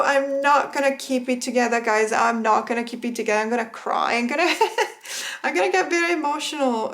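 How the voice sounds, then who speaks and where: Woman w a kinda high voice gushing over a tarot unboxing, chatty, laughs a lot, keeps calling everyone guys. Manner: chatty and excitable, laughs often, addresses viewers as guys. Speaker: tarot vlogger. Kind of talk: casual unboxing chat.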